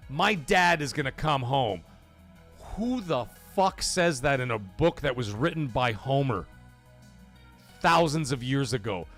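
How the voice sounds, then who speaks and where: Gravelly-voiced man ranting on a podcast. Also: a little high, fairly bright tone. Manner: heated, profane, opinionated ranting. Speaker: podcast host. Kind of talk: live gaming podcast rant.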